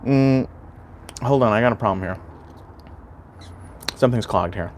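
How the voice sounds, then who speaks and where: A male livestream host at an ordinary middle pitch, talking in a loose, rambling way. He swears constantly and addresses his chat directly. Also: unhurried, a little hiss or hum. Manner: rambling and profane, chatting to chat. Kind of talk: casual livestream chat with viewers.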